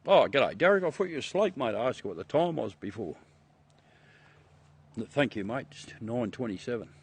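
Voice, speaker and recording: A man's voice: mid-range voice, sing-song, normal speed, husky. A middle-aged Australian man casually chatting with viewers on a livestream, joking, swearing and laughing often as he shows the moon through a telescope. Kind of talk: casual live chat with viewers.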